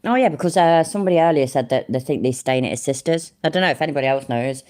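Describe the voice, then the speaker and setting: A woman's voice: low-pitched, quick pace, darkish tone. A woman hosting a live reaction stream, blunt and sarcastic, swearing constantly as she comments on a video. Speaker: livestream reaction host.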